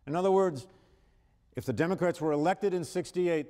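A man's voice: a little high, moderate pace, warm tone. A man giving a university history lecture, speaking emphatically, correcting himself as he goes and raising his voice for quoted passages, with an occasional cough. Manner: emphatic, reads quotations with rising force, self-correcting. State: coughing at times. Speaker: history professor. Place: large lecture hall. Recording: reverberant lecture hall.

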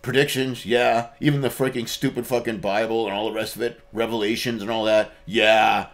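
A man's voice: fairly low pitch, level tone, brisk. A man, a podcast guest ranting casually and swearing constantly. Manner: profane, ranting.

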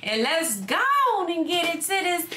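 A woman's voice: extremely high pitch, expressive, normal speed, bright, forceful tone, reverberant. A young woman hosting a reaction vlog, chatty and constantly checking in with her viewers. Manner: chatty, repeats "okay?" and "y'all" often. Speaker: reaction video host. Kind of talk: casual reaction vlog chat.

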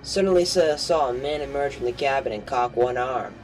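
A man's voice: medium pitch, a little fast, darkish tone, rough recording. A man reading a novel aloud as an amateur audiobook, stumbling and correcting himself as he goes. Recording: home recording with faint music.

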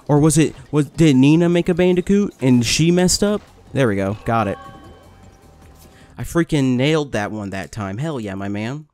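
A man giving casual let's-play commentary, complaining, swearing and getting excited as he plays. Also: a little high, normal speed, soft background music. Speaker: gaming video host.

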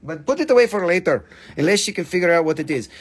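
This is a man running a live stream sale of stones and amber. His voice sits high, and his patter is playful and teasing, laced with casual swearing. He quotes deals quickly in non-native English phrasing. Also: lively intonation, breathy edge. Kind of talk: joking live sales pitch.

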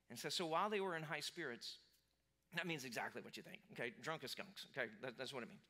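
A man's voice: medium pitch, fast talker, bright, forceful tone. A man preaching a sermon in a casual, conversational way, full of fillers and restarts, who acts out the lines of the people he describes. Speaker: pastor. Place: church sanctuary.

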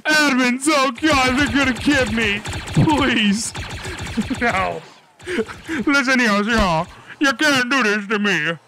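A man hosting a gaming video, chatting casually and yelping excitedly as he plays. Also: very high voice, slow pace, background noise. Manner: excitable, yelps and shouts. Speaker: gaming channel host.

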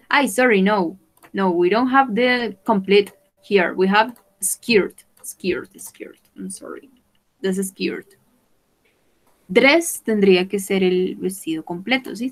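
Slow, patient woman teaching English. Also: medium pitch, low-quality recording. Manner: slow, patient, repeats words for students; switches into Spanish to explain. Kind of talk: online class teaching vocabulary.

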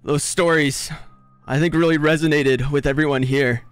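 A man leading a joking funeral, speaking in a halting, mock-solemn way with restarts. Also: a little high, fairly even intonation, clean tone, no echo. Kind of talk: playful mock-solemn speech.

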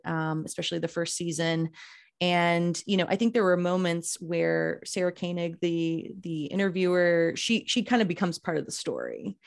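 Woman moderator with a gravelly voice. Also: lowish voice. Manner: relaxed, halting questions with fillers. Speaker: panel moderator, journalist and podcast host. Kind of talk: moderating a panel discussion.

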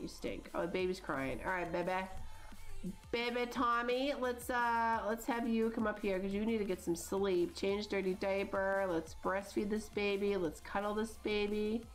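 A woman in her thirties chats away while she plays a life-sim game, rambling with plenty of likes and you-knows. Her voice sits in an ordinary middle pitch. Faint music plays underneath. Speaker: gaming channel host.

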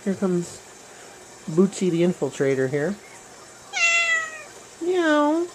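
A woman's voice: low voice, measured pace, noisy background. A woman at home by a garden pond, talking to her pets in cooing, teasing baby-talk and playful meows. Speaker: pet owner.

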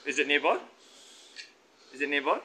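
A man's voice: fairly high pitch, expressive, moderate pace, bright, forceful tone. An Australian man, a police officer, talking easily and placatingly outdoors. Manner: easygoing and placating. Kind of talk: calming conversation. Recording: noisy outdoor phone recording.

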